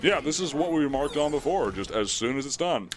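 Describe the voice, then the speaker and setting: A man giving color commentary on a college esports match, with playful, excitable reactions. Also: fairly high pitch, a little fast. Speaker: esports co-caster.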